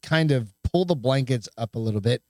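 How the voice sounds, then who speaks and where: A man's voice: mid-range voice, expressive, fairly quick, warm tone, dry recording, clean studio sound. Profane, rambling man co-hosting a podcast. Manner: profane, rambling, reads news aloud with stumbles. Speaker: podcast co-host. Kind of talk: casual chat.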